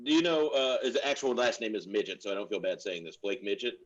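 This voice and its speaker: A man co-hosting a casual comedy podcast, tossing in quick, dry asides. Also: on the low side, lively intonation, lo-fi sound. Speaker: podcast co-host.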